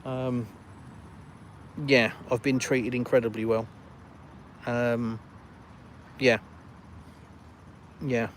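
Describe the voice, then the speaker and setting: A man's voice: medium pitch, very slow, long pauses, slight background noise. Older Englishman chatting on a live walkabout. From England. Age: retired. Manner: relaxed, chatty, reads comments aloud then answers. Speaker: live stream host. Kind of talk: casual live stream chat, reading viewer comments. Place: outdoors in a village, walking.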